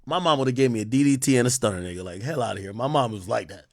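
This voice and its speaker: A young man ranting on a livestream, animated and profane, with frequent restarts. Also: mid-range voice, rapid-fire, no room sound. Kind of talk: casual livestream rant.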